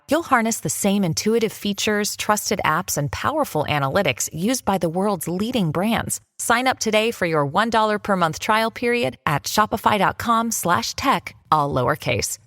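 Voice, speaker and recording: A woman reading a scripted advertisement in a smooth, promotional manner. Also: fairly low pitch, a bit bright, no echo, clean studio sound. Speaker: ad narrator. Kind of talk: scripted ad read.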